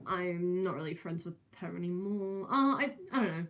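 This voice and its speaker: A woman's voice: on the low side, takes it slowly, a little mellow. A young woman, chatting casually on a livestream and answering viewers with many fillers, restarts and giggles. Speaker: streamer.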